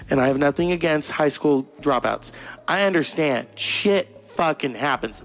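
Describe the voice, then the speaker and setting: Male stand-up, California, crude storyteller, gravelly low-middle voice, faint music behind. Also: normal speed. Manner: crude, profane storytelling with shrill voices for others. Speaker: stand-up comedian. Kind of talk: stand-up monologue.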